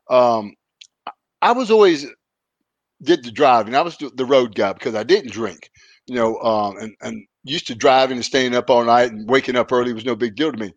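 A man hosting a podcast, telling road stories in a relaxed, casual way and livening up when he quotes friends. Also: medium pitch, no room sound, lo-fi sound. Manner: laid-back, animated when quoting others. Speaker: podcast host, retired wrestler. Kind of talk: casual storytelling.

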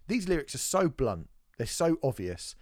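A man co-hosting a casual music podcast, talking in animated, sweary bursts with many restarts. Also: mid-range voice, moderate pace, no echo, clean studio sound. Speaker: podcast co-host. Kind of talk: casual music review chat.

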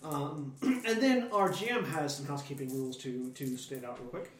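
A man hosting a tabletop game podcast, upbeat and quick, restarting his sentences now and then. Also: fairly high pitch. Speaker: podcast host and player. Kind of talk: casual tabletop podcast intro. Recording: echoey room, distant mic, faint hiss.

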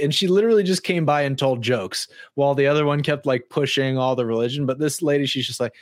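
A man's voice: mid-range voice, fast talker, hardly any pauses, no room sound, studio quality. A young man co-hosting a casual podcast, telling stories with lots of fillers and restarts. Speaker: podcast co-host. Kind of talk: casual chat.

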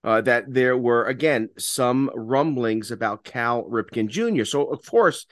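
A man's voice: medium pitch, lively intonation, measured pace, a bit bright, no room sound, clean studio sound. A man from Maryland co-hosting a casual political podcast, talking conversationally with many fillers. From Maryland, USA. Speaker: podcast co-host.

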